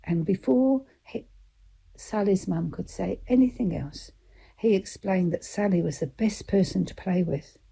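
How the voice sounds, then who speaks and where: Female storyteller for a children's book, warm and mellow, very breathy delivery. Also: medium pitch, measured pace.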